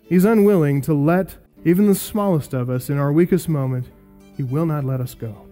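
A man's voice: a little high, normal speed, dark tone, faint music behind. A man preaching a sermon in an earnest, emphatic way, repeating key phrases for weight. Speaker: pastor.

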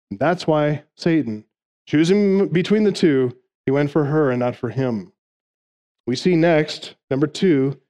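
Emphatic male preacher, higher voice. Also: mellow. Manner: emphatic, numbered points, voices quoted speech. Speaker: pastor. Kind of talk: expository sermon.

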